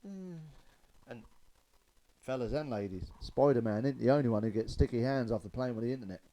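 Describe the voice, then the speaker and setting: A man's voice: medium pitch, fairly quick, mellow, rough recording. A man telling stand-up jokes, loose and chatty, chuckling at his own punchlines. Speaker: stand-up comedian.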